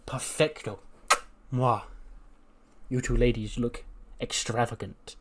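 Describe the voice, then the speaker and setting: Give me a man putting on a flirty, smooth-talking wrestler with a playful purr. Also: mid-range voice, fairly even intonation, slow pace.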